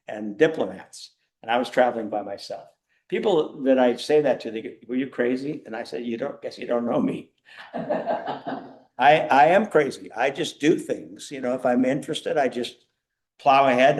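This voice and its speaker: An older man giving an animated, self-mocking storytelling talk to a church audience. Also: mid-range voice. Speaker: guest speaker.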